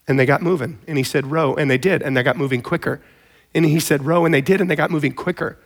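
A man preaching a sermon in a conversational, storytelling way, with animated emphasis. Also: a little high, gravelly, husky. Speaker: pastor.

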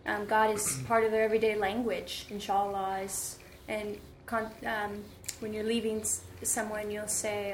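A woman telling stories as an interview guest, chatty and animated, with many fillers. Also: mid-range voice, normal speed, few pauses, a little hiss or hum. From United States. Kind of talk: conversational storytelling. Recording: echoey room.

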